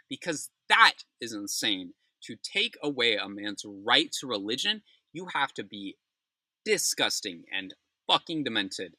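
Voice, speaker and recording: A young man hosts a news recap in a sharp, bright voice, reading headlines before tearing into them with furious, swearing outbursts. His pitch rides up and down with emotion, and the sound is dry and close. He keeps stopping to apologize for his language. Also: animated, normal speed, no echo. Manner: angry, ranting with heavy swearing; apologetic asides between rants. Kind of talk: opinionated news commentary.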